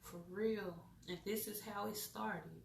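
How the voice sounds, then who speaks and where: A woman with a mid-range, gravelly voice speaks slowly in a steady tone. She's an intuitive card reader having a loose, profane, casual spiritual chat, mostly talking to herself. The recording is roomy and echoey, distant from the mic, with faint noise.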